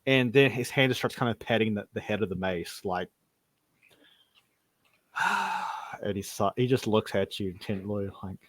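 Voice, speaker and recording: A man's voice: lowish voice, animated, measured pace, long pauses, fairly bright tone, no echo. A man narrating as game master of a tabletop game, often repeating words as he goes.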